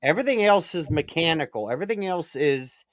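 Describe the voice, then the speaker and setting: A man in casual chat, telling rambling stories with lots of swearing and animated bursts. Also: fairly high pitch, brisk. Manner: rambling, profane storyteller; animated, swings up in excitement. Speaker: prepper livestream co-host.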